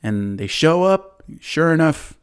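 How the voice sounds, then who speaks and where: A man's voice: on the high side, very animated, slow, clean tone. A man hosting a podcast, casually retelling a movie plot in a rambling way, full of fillers and acted-out quotes. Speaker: podcast host.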